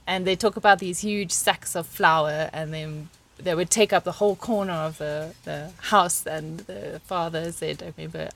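A woman co-hosting a podcast in casual chat, rambling and laughing often. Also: fairly low pitch. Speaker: podcast co-host.

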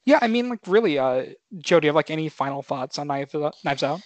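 Young male podcast co-host, bit high, casual, hesitant. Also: animated, fast, no room sound. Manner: laid-back, many "um"s and "like"s, asks guests questions. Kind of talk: casual chat.

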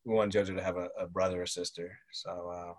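A man in his thirties from the American South, a military father talking as a guest in a relaxed chat. He talks loosely with lots of fillers and livens up when quoting people. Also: low-pitched, fast. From Southern United States. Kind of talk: casual conversational storytelling.

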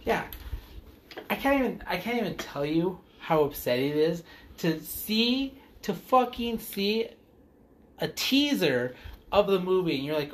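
A man's voice: high-pitched, big pitch swings, moderate pace, a little hiss or hum. A man co-hosting a casual podcast, ranting heatedly and swearing often. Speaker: podcast co-host.

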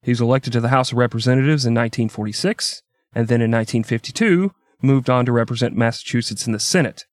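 A man narrates history for a podcast in a loose, joking, irreverent way, often breaking into laughter. His voice sits at an ordinary middle pitch. It is recorded dry and close to the mic, with no room sound. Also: quick pace, no echo. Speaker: podcast co-host telling a history story. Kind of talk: casual comedic storytelling.

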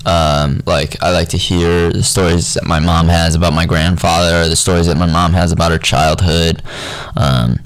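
Low gravelly young man rambling. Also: fairly even intonation, normal speed, dry recording, low-quality recording. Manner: rambling, profane, loose and unfiltered. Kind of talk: rambling casual monologue.

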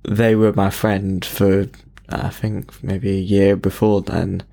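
A man's voice: deep voice, flat delivery, slow pace, creaky, warm tone. A young man from England co-hosting a podcast, musing hesitantly with dry, self-deprecating humor. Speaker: podcast co-host. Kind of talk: casual podcast chat.

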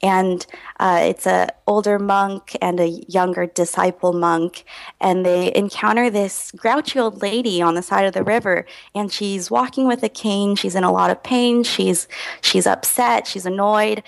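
An earnest woman guest on a podcast, reflective and full of little ums as she tells her stories. Her mid-pitched voice has a lot of vocal fry. She talks in a warm, sincere way. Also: steady tone, measured pace. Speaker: guest, health researcher. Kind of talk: podcast interview.

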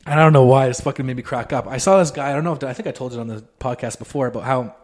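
A quick-talking man spins a rowdy story for his co-host, jumping into voices for everyone in it. His delivery is loose and profane, all casual podcast banter. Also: mid-range voice. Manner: animated storyteller, acts out quotes, swears freely.

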